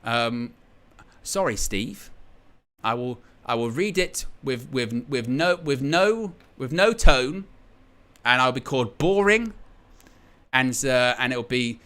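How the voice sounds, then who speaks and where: A man hosts a live football stream and talks casually to his chat. His voice is bright and forceful, and he rambles in a jokey, sarcastic way. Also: a little high, expressive, measured pace. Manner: chatty, rambling, jokey and sarcastic, often laughing.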